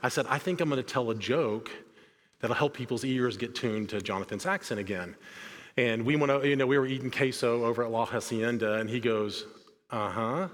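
A man's voice: medium pitch, brisk. A man giving a sermon as a guest preacher, telling stories in a conversational, self-deprecating way with frequent restarts. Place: large church sanctuary. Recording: long hall reverb.

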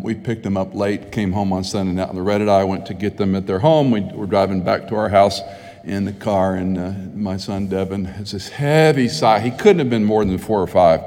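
Middle-aged pastor preaching in a reverberant hall. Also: male voice, deep voice, darkish tone. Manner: conversational storytelling, rising to emphatic. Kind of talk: sermon.

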